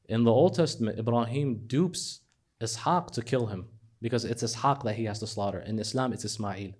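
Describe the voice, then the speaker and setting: A man preaching a lively sermon, retelling stories with acted dialogue and swinging from hushed lows to animated highs. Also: fast. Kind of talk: religious sermon.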